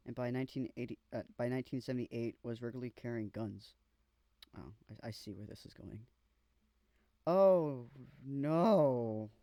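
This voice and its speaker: Young male vlogger, mid-pitched, dry close sound, casual reactions, swears and stumbles. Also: mellow, smooth, no echo. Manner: casual slangy, swears, stumbles while reading aloud.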